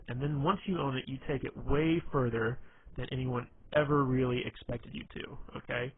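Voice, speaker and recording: A man giving casual dating advice in a rambling way, full of fillers and restarts. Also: mid-range voice. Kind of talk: casual instructional talk. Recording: tinny phone-like audio with faint noise.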